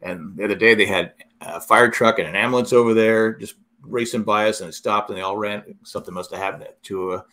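A middle-aged man in casual chat, telling rambling, animated stories with many restarts. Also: fairly low pitch, fast.

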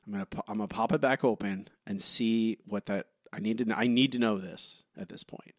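A man's voice: fairly quick, dry recording. A man co-hosts a casual podcast, ranting with growing disbelief. His voice climbs when he is exasperated. The sound is dry, with no room around it. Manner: animated, incredulous ranting with rising pitch. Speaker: podcast co-host.

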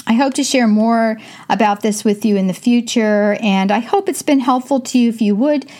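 An older woman speaks in a casual, chatty manner as she hosts an advice talk. Her voice sits slightly high for a woman. She fills her sentences with "you know" and often rushes through phrases in quick bursts. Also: darkish tone. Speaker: host.

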